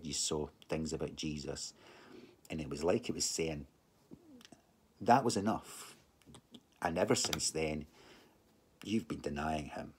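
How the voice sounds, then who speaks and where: A middle-aged man telling a personal testimony in a halting, rambling way, full of restarts and remembered thoughts. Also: low-pitched, darkish tone, slightly rough. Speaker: speaker giving a personal testimony. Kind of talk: emotional personal storytelling.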